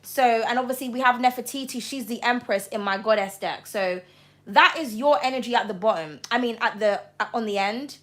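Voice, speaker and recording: A high-voiced woman runs a tarot reading to camera. She talks with passion and no sugarcoating, swearing freely as she lays out the cards. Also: moderate pace. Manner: passionate, blunt and profane. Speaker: tarot reader.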